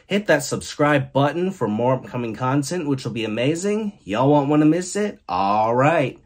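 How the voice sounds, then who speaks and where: A man's voice: mid-range voice, lively intonation, normal speed. A male host giving a laid-back comedic monologue and reading silly fill-in-the-blank stories aloud. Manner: joking, laid-back storytelling; reads mad-lib stories aloud. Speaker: podcast host.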